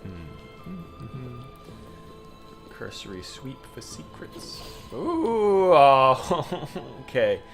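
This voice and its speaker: Male gamer, middle pitch, loose running commentary, quick to shout and curse, faint game music under. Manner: excitable, swears, yells at the game. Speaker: gamer streamer. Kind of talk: casual gameplay commentary.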